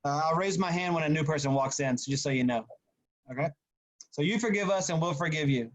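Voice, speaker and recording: A man's voice: fairly high pitch, a little fast. An author casually explaining his book before reading aloud at a bookstore event.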